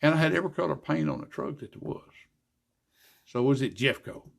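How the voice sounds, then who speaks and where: An older man, a guest telling racing stories in a folksy, animated way, acting out the dialogue. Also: a little high, fast. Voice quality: gravelly, husky. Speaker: guest, former racer and car builder. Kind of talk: casual storytelling interview.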